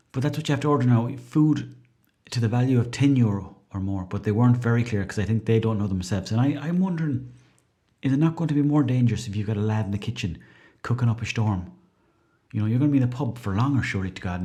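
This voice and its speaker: Rambling, chatty Irish podcast host. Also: male voice, mid-range voice, mellow. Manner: rambling, chatty, self-mocking. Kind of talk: casual comedic monologue.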